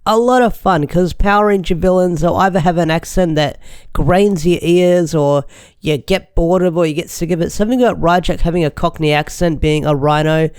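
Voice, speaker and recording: A young man talks through a casual video review with lots of enthusiasm, looping back and restarting his sentences. His voice sits a little high and comes through smooth and clear. The recording is dry and close. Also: normal speed, a little mellow, no room sound. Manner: chatty, enthusiastic, rambling with restarts. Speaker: show reviewer.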